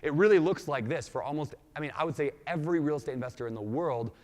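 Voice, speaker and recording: A man with an accent mixing Minnesota, Washington and Hawaii gives an energetic keynote talk, quizzing the audience with questions. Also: on the high side, quick pace. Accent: mixed Minnesota, Washington and Hawaii. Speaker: conference speaker. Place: large conference hall. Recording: reverberant conference hall.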